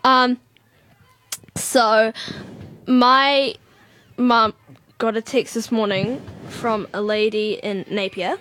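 A woman's voice: fairly high pitch, steady tone, slow, long pauses, a bit bright, rough recording. A young woman co-hosting a radio show, chatting casually and rambling through a long story. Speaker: radio co-host.

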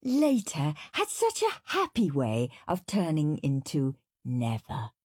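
A woman reading a children's storybook aloud, narrating with expressive, animated delivery. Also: deep voice, slow, breathy edge, dry recording, clean studio sound.

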